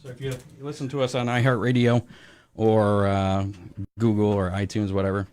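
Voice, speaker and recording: A man's voice: fairly low pitch, flat delivery, moderate pace, darkish tone, no echo, studio quality. A man co-hosting a racing talk show, chatting casually with plenty of fillers. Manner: chatty and upbeat, lots of fillers. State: a little out of breath. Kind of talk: casual radio show chat.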